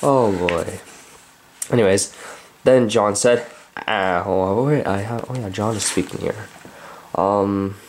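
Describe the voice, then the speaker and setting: A man's voice: on the low side, slow, long pauses, slight background noise. A man casually reading a children's book aloud, breaking off into chatty, joking asides. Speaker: reader.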